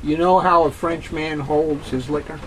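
A man's voice: a little high, steady tone, moderate pace, background noise. A man, a voiceover artist, chatting casually on a talk show and cracking dry jokes. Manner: jokey, dry punchlines. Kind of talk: casual chat and reading aloud.

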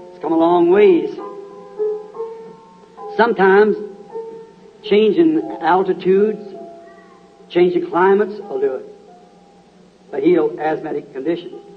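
A middle-aged preacher at a healing service, his voice set fairly high, firing short repeated questions at the crowd. He comes through a muffled, lo-fi 1960s tape. Organ music plays clearly behind him.

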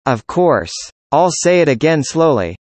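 Scripted practice dialogue, speaker, mid pitch, even question-and-answer reading, dry recording. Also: unhurried, no echo. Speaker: dialogue reader.

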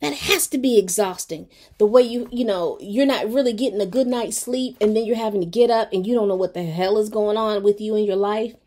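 A woman's voice: mid-range voice, brisk, few pauses. A woman with a mid-range voice recaps a TV episode for her viewers. She tells it in a loose, colloquial way, full of asides and fillers, as if chatting with friends. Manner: chatty, expressive storytelling with lots of fillers; colloquial, talks straight to viewers. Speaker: TV show reviewer.

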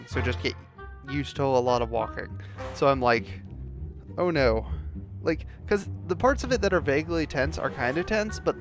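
Rambling man commenting on a game. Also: mid-range voice. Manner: rambling, full of fillers and restarts. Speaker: let's play host. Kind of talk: casual gameplay commentary.

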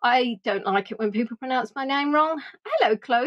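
Chatty woman, live tour guide, greets viewers, self-deprecating, fairly high voice. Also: brisk, few pauses, muffled recording. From England. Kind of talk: casual live chat with viewers.

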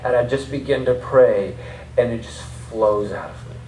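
A man's voice: medium pitch, normal speed, mellow, slight background noise. A man with a Southern accent preaching a conversational sermon as pastor, with laughing asides. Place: church service in a rented martial arts academy space. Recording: roomy hall audio from a distance.

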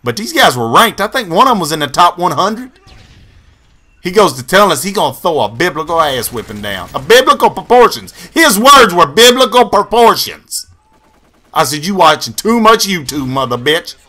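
A man giving loud, profane gameplay commentary full of boisterous trash talk and yells. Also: high voice, big pitch swings, moderate pace. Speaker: gamer and video host.

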